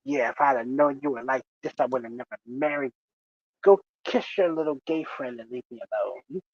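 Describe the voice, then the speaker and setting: A man's voice: medium pitch, normal speed, no echo, pitched below the performer's own voice, close to an everyday voice. Brief: man playing upset blunt coworker, indignant, dry dull sound.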